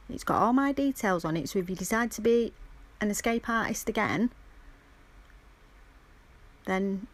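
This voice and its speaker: A woman's voice: mid-range voice, normal speed, long pauses. A woman talking to her cat in a coaxing, teasing way for a casual video.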